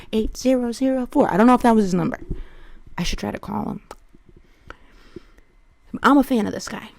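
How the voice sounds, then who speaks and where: Female comic host, rambling profane solo bit, mid-pitched, dead-dry studio sound. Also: vocal fry, no echo. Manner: rambling, profane, animated riffing. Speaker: comedian podcast host. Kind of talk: solo comedic monologue.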